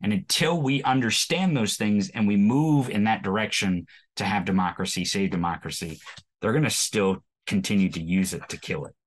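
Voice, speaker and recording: A podcast host from Missouri, USA, with a rural Missouri accent and a lowish voice at a moderate pace, guests on an interview show. In casual interview chat, he's folksy and self-mocking, often restarting his sentences.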